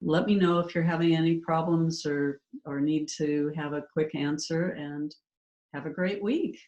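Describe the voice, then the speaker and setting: A woman teaching a hypnotherapy class in an easy, chatty way. She talks fast, with many fillers and self-corrections, over a video call. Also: deep voice, steady tone, darkish tone, lo-fi sound. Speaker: hypnotherapy instructor. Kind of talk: casual online class talk.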